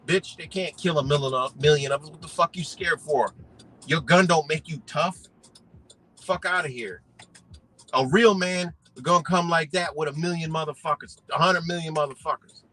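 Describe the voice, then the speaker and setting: Brief: male livestream host, slightly high, tense voice, swearing-heavy unscripted rant. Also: bright, forceful tone, poor audio. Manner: profane, slangy and emphatic, fillers like "you know".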